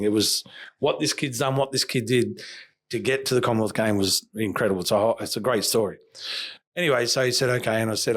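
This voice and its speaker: A man, a boxing coach telling a story on a podcast and acting out the lines of each person in it. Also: fairly low pitch. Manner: emphatic storyteller who acts out quoted dialogue.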